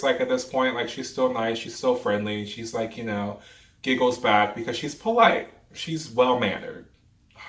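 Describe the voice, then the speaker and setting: A man's voice: mid-range voice, bright, forceful tone, recorded from a distance. A man in his twenties animatedly retelling a true story, dramatic and full of asides. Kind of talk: storytime vlog. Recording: roomy echo, off-mic, faint music.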